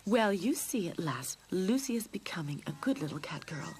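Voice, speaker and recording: A prim lady cat in a cartoon, played by a woman. She lectures in a lively voice about good manners. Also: on the low side, moderate pace, a little hiss or hum.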